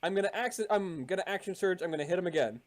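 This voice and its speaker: A man with a high voice plays a tabletop game, cursing freely as he reasons out loud through his attack options. His talk is loose and casual. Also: lively intonation, racing. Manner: swears a lot, thinks out loud about moves. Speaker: player.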